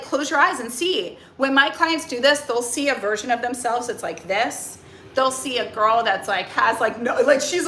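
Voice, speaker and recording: A woman in her forties talks casually to camera as a coach. She is chatty and animated, with a bright, fairly high voice. The recording is echoey. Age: 40s. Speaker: nutrition and mindset coach. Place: outdoors near a tree.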